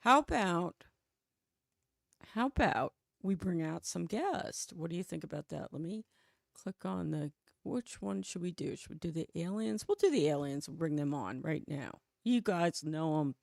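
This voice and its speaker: A woman's voice: lowish voice, expressive, normal speed, vocal fry, no echo, studio quality. A woman hosting a casual podcast chat show, talking freely and laughing often.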